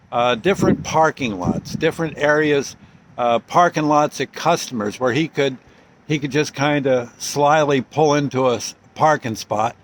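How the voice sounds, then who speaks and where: A man telling a long anecdote in a loose, halting way, with many restarts and small chuckles. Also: medium pitch. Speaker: storyteller host. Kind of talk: casual storytelling.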